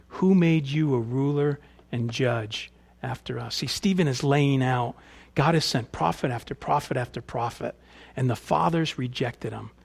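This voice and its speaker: Man preaching a casual, lively sermon. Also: a little high. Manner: conversational preaching, varies loudness, slips into casual paraphrase. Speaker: pastor.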